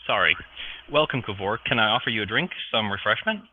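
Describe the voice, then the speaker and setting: A man's voice: fairly low pitch, expressive, a little fast, slight background noise, pitched below the performer's own voice, close to an everyday voice. A man voicing a nervous, polite male interviewer, apologetic and eager to please, over a tinny voice chat line.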